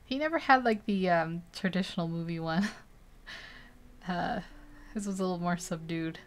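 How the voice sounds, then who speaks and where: A woman's voice: lowish voice, moderate pace, a little hiss or hum. Chatty woman narrating her painting. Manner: chatty, rambling, laughs often. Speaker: digital art streamer. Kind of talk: casual narration while painting.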